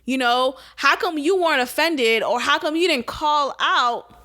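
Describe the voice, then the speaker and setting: Young woman podcaster, high bright voice, sarcastic and animated, laughs a lot. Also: measured pace. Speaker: podcast co-host. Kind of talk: casual commentary.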